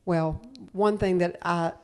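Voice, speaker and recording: A middle-aged woman speaks in a somewhat low voice during a family chat. She talks in a measured, reflective way while recalling raising her children. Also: steady tone, darkish tone, clear, resonant tone. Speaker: guest, mother of the host.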